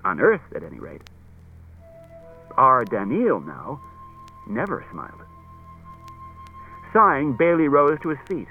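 A man narrating an audiobook in an expressive, varied reading style. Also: mid-range voice, slow, creaky, long pauses. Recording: tinny narrow-band cassette tape, faint music.

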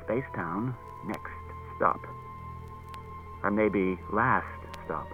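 A man voicing a gruff, terse middle-aged male detective in an audiobook on a tinny cassette. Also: on the low side, extremely slow, pitched below the performer's own voice. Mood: muttering. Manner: terse, irritable. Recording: tinny lo-fi cassette tape with faint music.

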